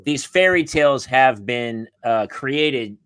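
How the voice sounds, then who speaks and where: Sarcastic bright-voiced man telling a story. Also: mid-range voice, slow, clear, resonant tone, no room sound. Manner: animated, sarcastic, acts out shouted quotes. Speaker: comedian and podcast host. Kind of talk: comedic storytelling. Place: live podcast set.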